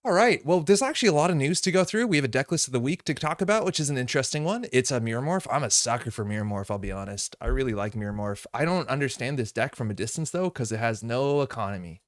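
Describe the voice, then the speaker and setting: A young man hosting a live stream in a loose, chatty way, greeting viewers and laughing often. His voice sits at a middle pitch. The recording is dry and close, with no room sound. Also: animated, fast talker, few pauses, no echo. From Montreal. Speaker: streamer reading chat. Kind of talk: casual live-stream chat.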